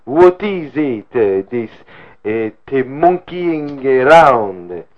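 A man on a prank call putting on an odd, fawning caller voice, slow and halting. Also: mid-range voice, sing-song, narrow, tinny audio. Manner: slow, halting, swooning over the woman he calls.

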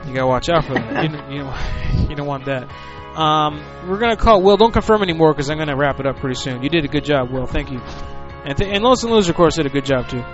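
A man's voice: a little high, fast, hardly any pauses. A man co-hosting a radio show in loose, rambling banter, on muffled lo-fi audio. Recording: muffled lo-fi audio with music behind.

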